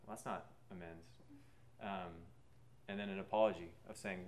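A man giving a personal faith testimony, earnest and reflective, pausing often with fillers as he talks. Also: deep voice, steady tone, a little hiss or hum. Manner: halting, with many pauses and fillers. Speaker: speaker sharing a faith testimony.

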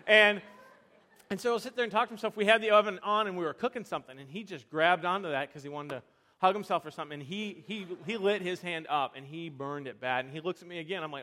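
A young man preaching a sermon, telling animated, self-deprecating stories with frequent restarts. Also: high-pitched, fast talker. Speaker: pastor.

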